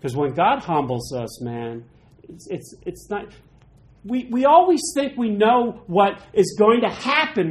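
A man teaching through Bible passages in a chatty, animated way, with quick asides. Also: high-pitched, slight background noise.

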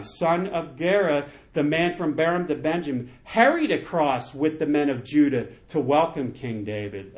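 A male pastor preaching a sermon, enthusiastic and emphatic, with lots of repetition. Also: on the high side.

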